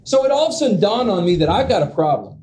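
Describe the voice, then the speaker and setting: A man in his forties preaching a humorous sermon as pastor, animated and self-mocking, with comic asides. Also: high voice, very fast. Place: church sanctuary. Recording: echoey church hall with room noise.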